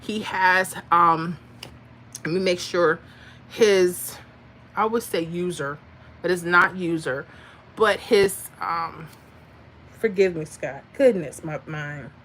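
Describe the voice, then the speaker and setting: A middle-aged woman hosts a casual live stream, chatting and telling stories in an animated way with frequent laughter. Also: on the low side, slow pace, long pauses, slight background noise. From Florida. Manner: animated, chatty, laughs often, acts out voices. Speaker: livestream host.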